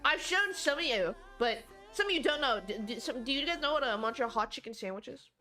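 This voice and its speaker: Chatty high-voiced young woman streamer. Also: a little fast, faint music behind. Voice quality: chatty, animated, swears freely. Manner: talks to chat, frequent fillers and restarts. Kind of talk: casual live-stream chat.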